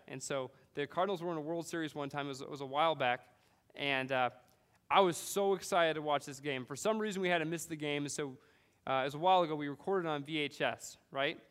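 A man from California preaching a sermon, animated storytelling with frequent "right?" asides. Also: fairly high pitch, clear, resonant tone, in a large hall. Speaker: pastor.

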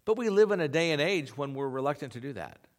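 Earnest male preacher, lively pitch. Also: fast. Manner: earnest conversational preaching, checks in with "okay?". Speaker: pastor. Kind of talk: sermon.

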